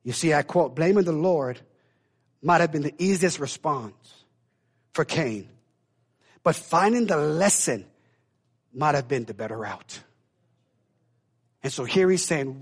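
A man preaching a sermon with impassioned delivery, swinging between loud calls and hushed, intense passages and acting out God's voice. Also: fairly high pitch, expressive, a little slow, long pauses, slightly rough.

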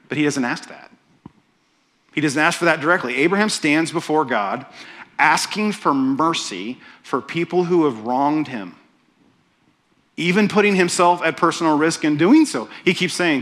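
A man preaching a sermon in a conversational, animated storytelling way, often restarting his phrases. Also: a little high, normal speed. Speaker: pastor.

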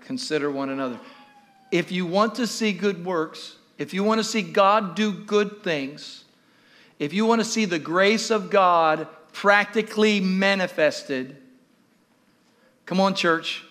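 High, bright-voiced preacher man. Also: unhurried. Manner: animated, repeats questions to the congregation. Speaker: pastor. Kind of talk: sermon. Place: church with live congregation.

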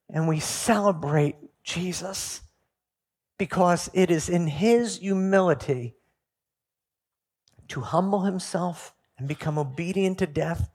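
A man's voice: high-pitched, slightly rough. Man preaching a storytelling sermon. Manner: storytelling, building to emphatic peaks. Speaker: pastor.

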